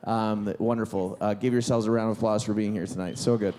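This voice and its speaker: A man's voice: lowish voice, steady tone, brisk, noisy background. A man emceeing a live concert and art auction, talking casually and rambling, with many restarts. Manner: rambling, self-interrupting, enthusiastic. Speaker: event host. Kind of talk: casual stage emcee talk. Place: live concert venue, on stage.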